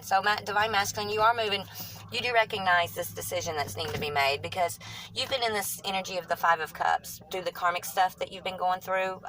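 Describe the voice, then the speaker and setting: A woman with a Southern US country twang, reading tarot cards for viewers in a fast, rambling way, often correcting herself mid-sentence. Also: on the low side, pushed and bright, a little hiss or hum, rough recording. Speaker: tarot reader.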